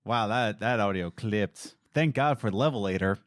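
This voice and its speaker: A man co-hosting a casual gaming podcast, joking and telling stories with lively voice changes. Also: lowish voice, no echo, studio quality. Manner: animated, jokey, quick voice changes. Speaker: podcast co-host. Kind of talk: casual chat.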